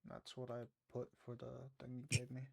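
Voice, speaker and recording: A man's voice: mid-range voice, completely flat delivery, brisk, creaky. A young man playing in a tabletop game, casually asking short questions and double-checking details. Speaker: player.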